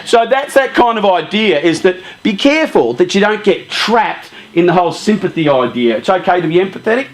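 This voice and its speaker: Man, youth leader, casual live-streamed talk, lively, lots of fillers, fairly high pitch. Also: brisk, few pauses. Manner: lively and chatty, often saying "you know" and "um".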